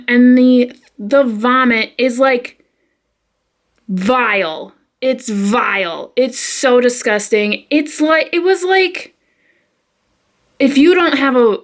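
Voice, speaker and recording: A woman vlogging casually about a book she is reading, telling stories dramatically and saying "oh my gosh" a lot. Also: fairly high pitch. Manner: chatty, dramatic storyteller, frequent "oh my gosh" exclamations. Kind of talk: casual vlog chat.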